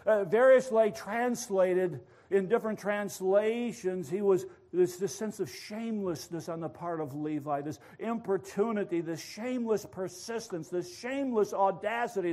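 A preacher with a high voice delivering a lively sermon. He dramatizes and stresses his points with passionate urgency. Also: normal speed, hardly any pauses. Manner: animated storytelling, passionate. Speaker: pastor.

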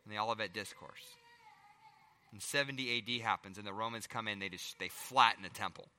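A middle-aged male pastor preaching a sermon, firing rhetorical questions and swinging between loud emphasis and hushed asides. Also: lowish voice, brisk, big-room sound.

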